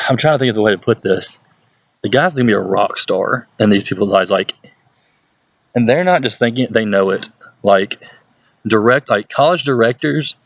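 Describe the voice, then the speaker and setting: A man's voice: no room sound, highs cut off. Chatty Mississippi man, dry close sound. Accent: Southern US (Mississippi). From Hattiesburg, Mississippi, USA. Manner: chatty and playful, jumps into exaggerated high-pitched voices when quoting people. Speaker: youth pastor. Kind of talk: casual advice vlog. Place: at home, with his dog nearby.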